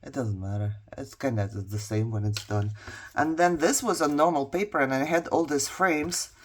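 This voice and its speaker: A woman with a husky voice, chatting casually as a crafting vlogger who shows her projects, rambles and laughs often. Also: rumbling low, moderate pace. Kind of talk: casual show-and-tell chat.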